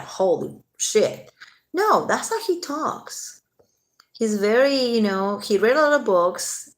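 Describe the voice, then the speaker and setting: A woman's voice: mid-range voice, vocal fry, fairly bright tone. A woman hosting a casual late-night livestream, chatting with viewers, answering their comments and swearing freely.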